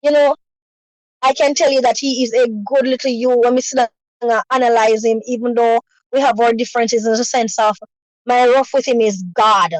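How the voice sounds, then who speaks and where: Guest storyteller: a woman, earnest and repetitive, with a high voice and a dry, close sound. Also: steady tone, normal speed, dry recording, rough recording. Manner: earnest, repetitive, peppered with "you know". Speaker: guest sharing a personal story. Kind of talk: emotional personal storytelling.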